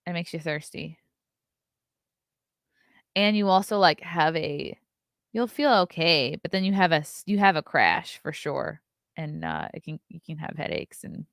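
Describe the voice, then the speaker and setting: Chatty and opinionated, this thirtysomething woman runs a relaxed morning stream where she reads the news, responds bluntly to chat comments, and yawns frequently. Her voice is fairly low, recorded at studio quality with no echo.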